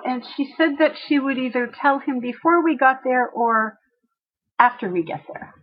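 A woman telling a personal story to a listener, animated and acting out the voices of the people she quotes. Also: sits high, normal speed, muffled recording.

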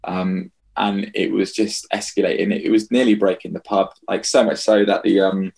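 A man in his thirties from England, founder of a festival, telling lively stories in an interview and acting out his own past lines. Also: sits low, normal speed, creaky, husky. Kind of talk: storytelling interview.

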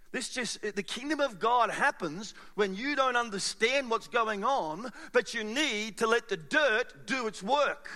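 A man's voice: very high-pitched, bright, forceful tone, big-room sound. A male pastor preaching a sermon to a live room, building emphasis through repetition and questions to the congregation. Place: church hall.

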